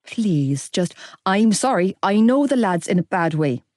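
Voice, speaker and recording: Woman reading a torn, pleading dad; mellow, dry close read. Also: medium pitch, lively intonation, unhurried, no echo, close to an everyday voice. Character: worried middle-aged Irish father.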